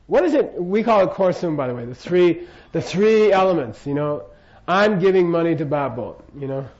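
A man's voice: on the high side, lively intonation, moderate pace, a little mellow. An older man giving an informal Buddhist lecture, casual and jokey, often checking in with his listeners. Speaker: Buddhist teacher. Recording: dull lo-fi lecture recording.

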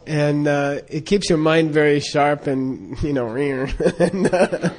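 A man with a fairly high pitch talks slowly, spinning a loose, rambling tale. He restarts often, leans on fillers and laughs a lot along the way.

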